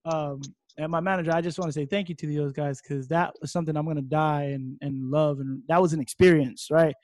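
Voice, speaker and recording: A young man from Hawaii with a high, light voice, talking through his fighting story in a casual interview. He rambles and gets excitable, sometimes breaking into loud shouts. The recording is close and dry, with no room sound. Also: fairly quick, dry recording.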